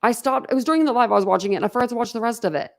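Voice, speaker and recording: A woman livestream host chats casually and bluntly with her viewers, rambling and laughing a lot. Her voice is a little high, very fast, and creaky.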